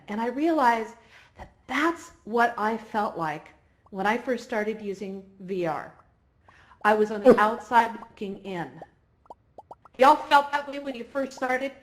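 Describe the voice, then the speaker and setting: Woman, event host; emotional and chatty, slightly high pitch. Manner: emotional, chatty, on the verge of tears. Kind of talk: excited live event hosting. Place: virtual reality event.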